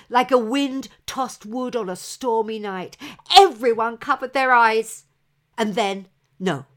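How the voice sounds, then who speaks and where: Woman storyteller, unhurried and dramatic, for a spoken legend. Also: mid-range voice. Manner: slow, dramatic, expressive telling. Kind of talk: oral storytelling of an old legend.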